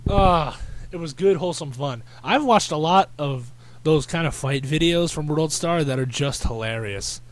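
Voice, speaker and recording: Rambling podcast host man, slightly high voice. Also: normal speed. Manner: rambling storyteller, fillers and restarts, crude slang. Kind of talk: casual chat.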